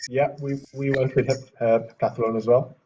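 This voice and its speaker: A man's voice: medium pitch, little pitch movement, moderate pace. Man on a dull, noisy call. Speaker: quiz contestant.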